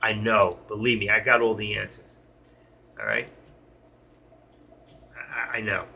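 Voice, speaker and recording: A man's voice: lowish voice, steady tone, measured pace, creaky, sharp tone, husky. A middle-aged man on a live stream, talking to his chat in an emotional, rambling way and answering viewers by name.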